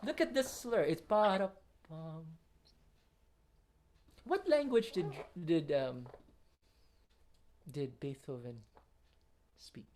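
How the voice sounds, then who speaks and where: A woman's voice: low-pitched, very animated, slow, pauses often, darkish tone, a little hiss or hum. A woman coaching a piano student in a masterclass, encouraging and singing phrases on syllables to show the touch. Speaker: piano teacher. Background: faint piano.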